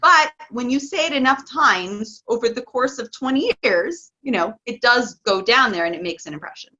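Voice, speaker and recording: A woman coaching parents in a casual interview, chatty and excitable, laughing often. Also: on the high side, normal speed, highs cut off.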